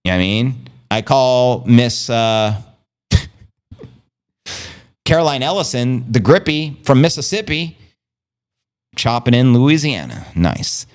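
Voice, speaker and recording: A man's voice: mid-range voice, expressive, takes it slowly, long pauses, smooth. A man hosting a casual livestream, talking in a brash, playful way with plenty of swearing and his own made-up slang. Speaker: livestream host. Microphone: streaming setup.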